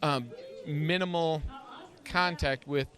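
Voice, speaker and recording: A man making a firm, assertive campaign pitch in an interview at an evening gala. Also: fairly even intonation, slow, a bit bright. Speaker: political candidate.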